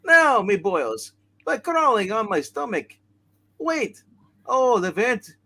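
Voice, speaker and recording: A man's voice: sits high, very animated, slow pace, bright, forceful tone, exaggerated voice. A man voicing a swaggering, agile male hero with a put-on Irish accent in a comic book read-aloud, joking and breaking character with asides. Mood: playful.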